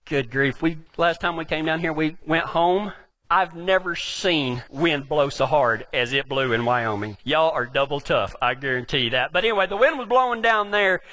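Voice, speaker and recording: A man with a West Texas drawl preaches in a high voice, wandering through cowboy yarns with plenty of jokes. His tone is bright and forceful, and his speech is packed with ranch slang. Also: normal speed. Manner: folksy, rambling, joking, with cowboy slang. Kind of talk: storytelling sermon to a live audience.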